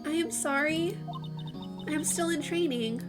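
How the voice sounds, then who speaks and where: A woman voicing a timid, polite young female spirit medium with a soft, hesitant, apologetic way of talking. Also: sits high, measured pace, voice pushed up. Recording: game music playing behind.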